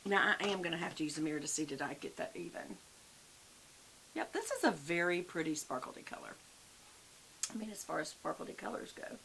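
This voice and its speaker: A woman's voice: fairly low pitch, lively intonation, a little fast, gravelly, long pauses, pushed and bright, low-quality recording. Chatty older Southern woman. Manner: chatty, folksy, addresses viewers as y'all. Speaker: beauty vlogger. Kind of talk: casual makeup tutorial. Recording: faint background hiss.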